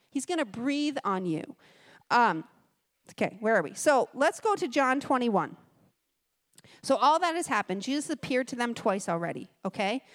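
Emphatic woman preaching a sermon. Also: fairly high pitch. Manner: storytelling, emphatic, off-the-cuff. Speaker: guest preacher. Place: church.

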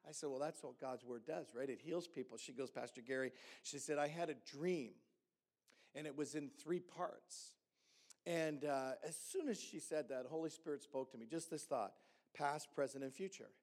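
A man, a pastor, telling a story in a sermon and acting out the dialogue with lively energy. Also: a little high, moderate pace. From Hamilton.

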